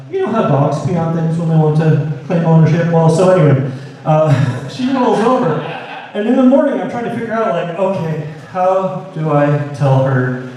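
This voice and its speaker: Rambling middle-aged man doing stand-up. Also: fairly high pitch. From Seattle, US Pacific Northwest. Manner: rambling, self-correcting delivery with many fillers; wry, deadpan self-mockery. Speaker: stand-up comedian. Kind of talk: stand-up comedy set. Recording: echoey live room, mic from a distance.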